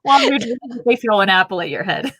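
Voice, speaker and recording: A woman's voice: medium pitch, animated, very fast, a bit bright, no room sound, clean studio sound. A woman co-hosting a podcast, chatting playfully and laughing easily. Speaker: podcast co-host. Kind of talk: casual chat.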